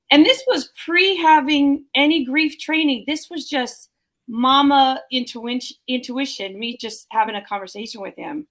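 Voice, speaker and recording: A woman's voice: sits high, a little slow, a bit bright. A bereaved mother telling her story in a heartfelt, emotional way during a discussion. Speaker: bereaved mother sharing experience.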